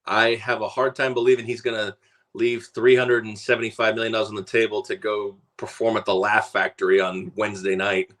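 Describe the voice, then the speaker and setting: Speaking fairly quickly in a lowish voice, this man co-hosts a sports talk show on the radio. He's relaxed and rambles, leaning heavily on fillers such as "uh" and "so."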